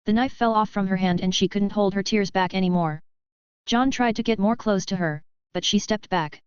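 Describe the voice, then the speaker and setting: Klare, gleichmäßige Hörbuchsprecherin. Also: female voice, mid-range voice, a little fast, clean tone, no room sound, lo-fi sound. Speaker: audiobook narrator. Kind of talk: scripted narration.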